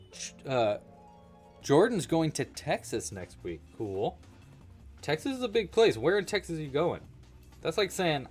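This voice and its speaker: A man casually teaching a crochet-along on a livestream, chatty and playful, often chatting with his cat. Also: mid-range voice. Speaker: crochet instructor.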